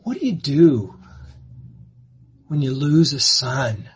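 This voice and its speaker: Husky-voiced man telling a sermon story. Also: mid-range voice, very animated, takes it slowly. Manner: swings between hushed and fervent. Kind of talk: dramatic first-person sermon storytelling.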